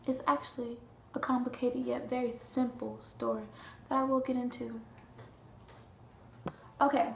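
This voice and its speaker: A woman's voice: on the high side, vocal fry, fairly bright tone, echoey room, a little hiss or hum, low-quality recording. A young woman from Alabama, a college freshman, talking casually to camera in a chatty, playful way with lots of fillers and asides. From Alabama, US Southern. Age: young adult.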